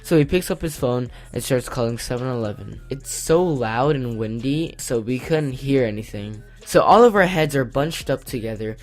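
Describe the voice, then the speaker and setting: A teenage boy telling a storytime vlog in an excitable, rambling way with lots of fillers. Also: mid-range voice, moderate pace, few pauses, faint music behind. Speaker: vlogger. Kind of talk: storytime commentary.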